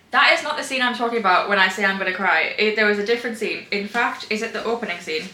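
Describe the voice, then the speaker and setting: A woman's voice: mid-range voice, fast talker, few pauses, pushed and bright. Gushing woman chatting about books. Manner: gushing, emphatic, rambling with restarts. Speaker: book vlogger. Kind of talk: casual reading wrap-up chat. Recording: roomy echo.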